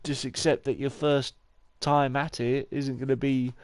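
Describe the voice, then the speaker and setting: A man's voice: medium pitch, flat delivery, measured pace, smooth, dry recording. Man, stuttering, rambling, encouraging streamer, dry close mic. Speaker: gaming streamer. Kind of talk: live-stream commentary.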